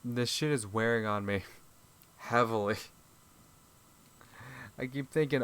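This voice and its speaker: A man's voice: medium pitch, fairly even intonation, a little slow, pauses often, clean tone. A man hosting a gaming video, reading visual-novel lines aloud and breaking into exasperated, profane comic rants.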